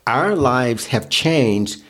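Emphatic man coaching in a relaxed podcast chat. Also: medium pitch, drawn-out words. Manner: preachy, emphatic, speaks in lists. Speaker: relationship coach, co-host. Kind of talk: casual podcast conversation.

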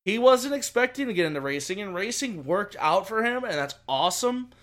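A man co-hosting a podcast, rambling excitedly about racing with many restarts. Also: high voice, brisk. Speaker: podcast co-host. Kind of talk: casual racing chat.

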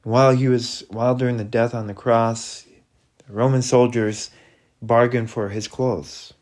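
A man giving a slow, halting devotional retelling and prayer, reflective, with frequent restarts. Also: mid-range voice, flat delivery, darkish tone. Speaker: preacher.

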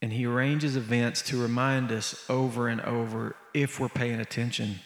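A man's voice: mid-range voice, fairly even intonation, normal speed. Guy preaching a story in church, mid voice, lots of echo and long reverb. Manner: conversational, vivid storyteller. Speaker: preacher and musician. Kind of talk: storytelling sermon. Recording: echoey hall, long reverb.

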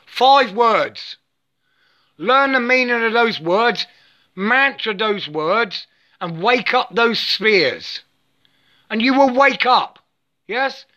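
A man's voice: extremely high pitch, lively intonation, slow, pauses often, sharp tone. A middle-aged man giving a rambling spiritual monologue, emphatic and repetitive, forever checking with "yeah?" and slipping into chanted mantras. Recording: dull lo-fi recording.

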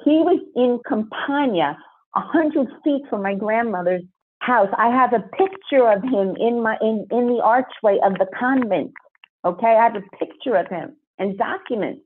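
A woman who is a podcast guest, telling a story in an animated, emphatic way. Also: fairly high pitch, moderate pace, husky. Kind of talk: storytelling interview. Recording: phone-like narrow sound.

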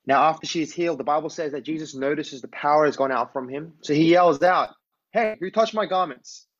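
A man's voice: a little high, fairly even intonation, quick pace, lo-fi sound. A man preaching a conversational sermon. He tells a Bible story and often asks his listeners to imagine the scene.

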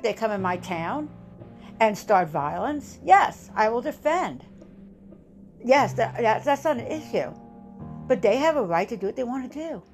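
A woman with a slightly high voice gives an impassioned political monologue, emphatic and rousing. She repeats lines for effect and drops into a grave tone when issuing warnings.

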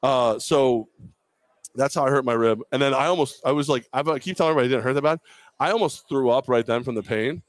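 At a live podcast show in a bar or venue, a male co-host with a medium-pitched voice talks fast, telling a long, self-deprecating story in casual chat. The recording is dry.

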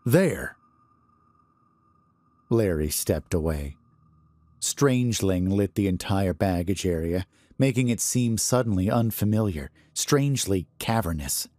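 Low voiced guy reading a creepy story, slow and lively, dead dry sound. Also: dry recording. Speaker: narrator. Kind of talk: audiobook horror story reading.

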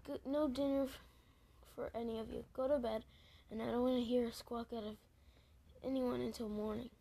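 A woman's voice: on the high side, fairly even intonation, moderate pace, creaky, mellow. Woman reading as a stern female dragon guardian. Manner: scolding, threatening.

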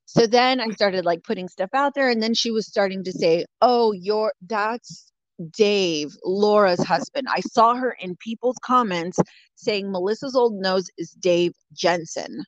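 A woman's voice: mid-range voice, measured pace, no room sound. A woman from California telling a story in casual chat, bluntly, with lots of swearing and "like" fillers. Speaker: guest. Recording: dull lo-fi dry audio.

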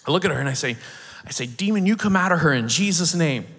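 A man from the United States preaching, telling a story in an animated way, acting out the quotes and laughing now and then. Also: a little high, fast. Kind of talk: sermon storytelling. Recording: long hall reverb.

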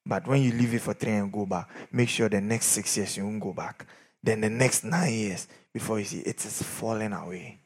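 A middle-aged man preaching a sermon, swinging from shouts down to near whispers. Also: lowish voice, moderate pace, husky. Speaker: pastor.

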